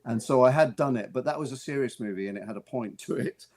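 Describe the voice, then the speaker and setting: Male actor guest with a middle-pitched voice. Rambling, amused storyteller who restarts his sentences. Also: quick pace, a little mellow. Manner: rambling, with frequent restarts and repeated words; amused, laughs while telling stories. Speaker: actor and author, interview guest. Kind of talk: casual anecdotal storytelling. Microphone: radio studio mic.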